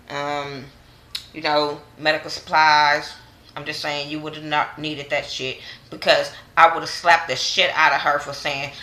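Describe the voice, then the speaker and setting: A woman's voice: fairly low pitch, bright, forceful tone. A young woman vlogger giving a blunt, sassy, profane recap of a reality show episode. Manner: blunt and sassy, acts out quotes. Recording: echoey room.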